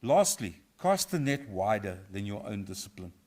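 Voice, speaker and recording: A man's voice: lowish voice, big pitch swings, a little mellow. Middle-aged man giving a formal lecture. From South Africa. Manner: measured, reflective, lightly humorous. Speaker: professor. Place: university auditorium.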